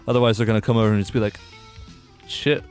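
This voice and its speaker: Sarcastic, low-voiced male game streamer. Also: fairly even intonation, a little fast, darkish tone, faint music behind. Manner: casual, sarcastic, swears and laughs often. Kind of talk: let's play commentary reading game dialogue aloud. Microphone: desktop USB microphone.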